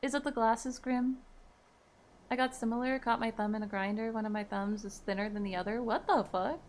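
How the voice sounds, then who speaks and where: A woman's voice: a little high, fairly even intonation, fairly quick. A woman in her thirties casually chatting with viewers on a live stream, laughing easily and reading their messages aloud. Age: 30s.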